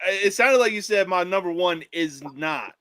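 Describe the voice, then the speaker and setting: A man in casual podcast chat explains his choice earnestly. His voice sits a little high. He laughs easily as he talks. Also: animated, normal speed, fairly bright tone. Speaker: podcast co-host.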